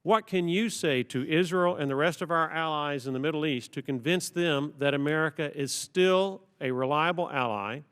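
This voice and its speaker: A man, a congressman, questioning a witness at a hearing, deliberately reading out prepared quotations with emphasis. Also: fairly high pitch, fairly bright tone, clear, resonant tone. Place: large hearing room. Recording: long reverb from a large hall.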